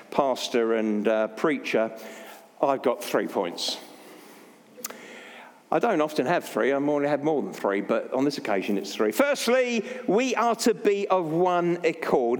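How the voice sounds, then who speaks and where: Older Baptist preacher, self-deprecating storyteller, lively delivery, reverberant church. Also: male voice, mid-range voice. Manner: jokey, anecdotal, self-deprecating. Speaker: Baptist pastor. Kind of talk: sermon.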